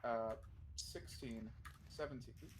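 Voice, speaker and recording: A man's voice: mid-range voice, a little slow, background noise. A man playing a board game on a live stream, thinking aloud and counting moves with many fillers.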